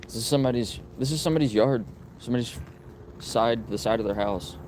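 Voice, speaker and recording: A man's voice: mid-range voice, a little fast, darkish tone. A man talking earnestly to his livestream viewers while walking and filming outdoors on a residential street, speaking into a handheld phone. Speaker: animal rights activist livestreamer. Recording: street traffic noise behind.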